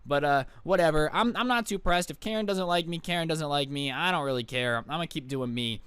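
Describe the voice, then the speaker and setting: A young man tells a story to his channel in a sarcastic, exasperated and casual way. His voice is smooth and slightly high. The sound is dry, close and clean. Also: brisk, a bit bright, no room sound. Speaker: YouTuber. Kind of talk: storytime vlog.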